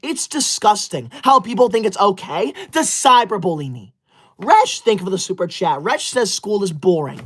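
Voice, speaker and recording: A performer doing a touchy school-obsessed young streamer, indignant scolding, shouty bursts, mid-pitched voice. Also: very animated, moderate pace, husky. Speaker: livestreamer. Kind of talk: comedy sketch livestream.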